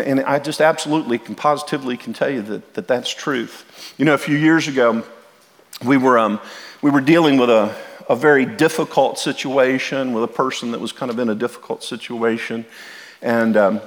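Earnest middle-aged pastor in a reverberant hall. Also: male voice, mid-range voice, brisk. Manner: earnest, repeats and restarts words, talks to the congregation. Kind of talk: sermon. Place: church sanctuary.

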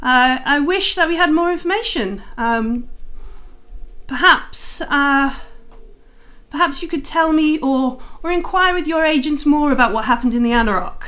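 A woman's voice: high voice, moderate pace, fairly bright tone, pitched above the performer's own voice. A woman voicing a gracious, formal noble sorceress who speaks in polite courtly phrases. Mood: courteous.

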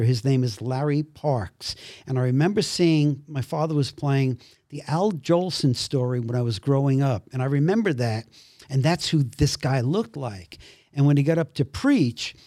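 A man from Brooklyn, a podcast guest telling a story in a lively way and acting out the other people's voices. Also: a little high, dry recording, clean studio sound. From Brooklyn, New York. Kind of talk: storytelling conversation.

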